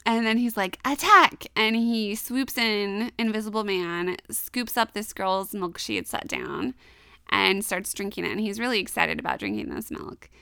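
A woman's voice: mid-range voice, moderate pace, vocal fry, clean tone, no echo, clean studio sound. A woman co-hosting a podcast, casually retelling an anime episode with lots of laughs and quoted lines. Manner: giggly, animated retelling with quoted voices. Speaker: podcast co-host.

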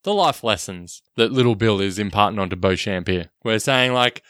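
A man co-hosting a podcast in casual film talk, relaxed and trying impressions of characters. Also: fairly low pitch, moderate pace, no echo, clean studio sound. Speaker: podcast co-host.

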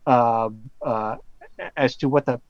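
A man, an author and interview guest, telling a story in a halting way with many fillers and restarts. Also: mid-range voice, fairly even intonation, no echo, muffled recording.

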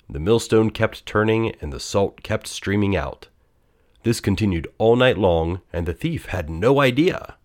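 Deep-voiced man reading a children's story. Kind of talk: storybook read-aloud narration.

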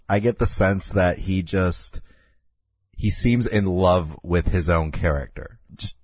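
Male podcast co-host, husky, animated, laughs easily, dull lo-fi mic. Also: deep voice, no echo. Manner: animated, laughing, halting restarts. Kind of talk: casual chat.

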